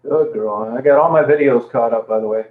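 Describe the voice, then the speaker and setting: A man's voice: medium pitch, fairly quick. A man on a casual live stream, cooing fondly and repeating pet talk to his dog between greetings to viewers. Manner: coos over and over in fond pet talk. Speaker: vlogger talking to his dog. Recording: tinny phone-like audio in an echoey room.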